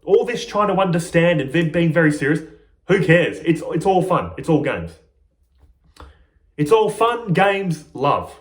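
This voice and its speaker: Speaking as a spiritual teacher, a man gives a reflective monologue in a slightly high, very animated voice, taking his time. He's playful and often laughs at himself, and the recording sounds roomy.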